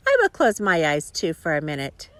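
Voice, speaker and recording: A woman voicing a cheerful, literal-minded young housekeeper in a storybook read-aloud, raising her voice high and bright. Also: huge pitch swings, normal speed, no room sound. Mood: eager.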